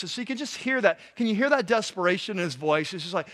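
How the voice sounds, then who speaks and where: Male pastor, high voice, casual talky sermon delivery. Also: fairly quick, a bit bright. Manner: conversational preaching with many asides and "right?".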